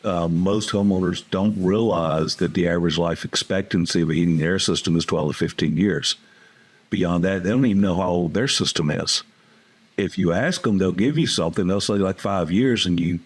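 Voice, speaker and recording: A man with a low, husky voice speaks as a business coach in a relaxed interview. He is plainspoken and folksy and tells stories from his client calls. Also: fairly quick. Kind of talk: casual interview talk.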